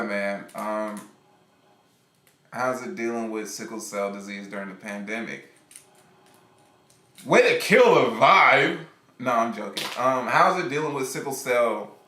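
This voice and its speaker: A man rambles through a casual live-stream story, animated and laughing often. His voice is bright and forward. The room around him is echoey. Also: medium pitch.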